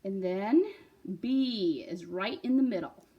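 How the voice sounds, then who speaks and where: Slow, patient woman teaching recorder. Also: medium pitch, expressive, highs cut off. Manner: patient, encouraging, checks in with "right?" and "okay?". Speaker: music teacher. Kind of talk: beginner recorder lesson.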